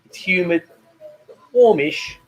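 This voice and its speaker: A man's voice: sits high, lively intonation, takes it slowly, a little hiss or hum, rough recording. A man, hosting a casual live cooking chat, rambling and joking as he reads viewer comments. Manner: rambling and chatty, with many fillers and joking asides. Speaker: cooking channel host.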